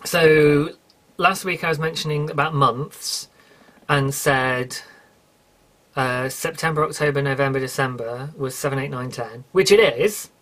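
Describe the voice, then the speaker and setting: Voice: mid-range voice, unhurried, a bit bright. A podcast host with a British accent, chatting alone in a rambling way, correcting and apologising as they go. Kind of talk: casual solo podcast chat.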